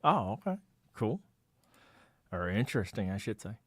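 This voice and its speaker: A man with a lowish voice chats casually on a podcast, recapping scenes and reacting with easy laughs. The sound is dry and close to the mic. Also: big pitch swings, moderate pace, husky, dry recording. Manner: laughs easily, plain recaps. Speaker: podcast co-host. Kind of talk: casual episode review chat.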